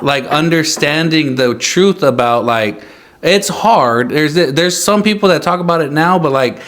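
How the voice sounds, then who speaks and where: A man's voice: a little high, animated, measured pace, a bit bright. A man who is a guest on a podcast, talking in casual chat that rambles with many fillers and jokes.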